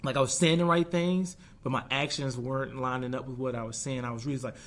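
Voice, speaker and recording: A man's voice: medium pitch, fairly even intonation, fast. A young man, a guest in an interview, talking earnestly and reflectively about a hard stretch of his career, with many restarts and quoted inner thoughts. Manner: acts out his own past thoughts in quoted asides. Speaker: guest, pro football player. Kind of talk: candid conversational interview.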